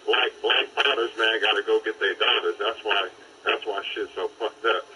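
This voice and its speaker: A man's voice: fairly low pitch, normal speed, bright, forceful tone, a little hiss or hum, rough recording. Breathless man calling in. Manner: blunt street slang, rambling. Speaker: caller.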